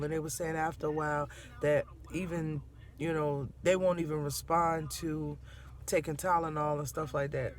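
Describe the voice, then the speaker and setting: A middle-aged grandmother telling a family story to her viewers, animated and laughing as she goes. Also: low-pitched. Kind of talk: casual storytelling to camera.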